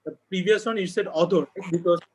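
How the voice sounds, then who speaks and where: A man's voice: high voice, fairly even intonation, fast, husky, rough recording. A man in an online class, hesitantly asking questions to check his understanding. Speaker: student. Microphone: video call.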